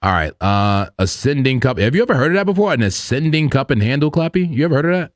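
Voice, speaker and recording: A man's voice: medium pitch, big pitch swings, fast, no echo, studio quality. A man hosting a live trading stream, talking casually in a hyped, slangy way to his chat. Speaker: livestream trading host.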